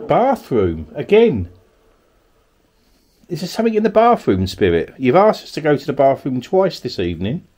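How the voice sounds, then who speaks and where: A man's voice: a little high, wildly swooping pitch, normal speed, a little mellow. Guy from kent, ghost hunting in an empty old cottage at night, keeps politely asking the spirits to talk, voice goes up and down a lot. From Kent, England. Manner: coaxing, calls out politely to spirits. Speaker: paranormal investigator. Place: abandoned cottage, indoors, at night.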